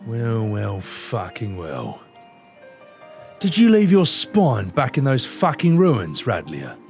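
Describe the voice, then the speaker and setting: A man with an Australian accent voicing a crude, gruff old pirate boss in a low, growling voice full of insults. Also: wildly swooping pitch, slow pace, a little mellow, soft background music, full character voice.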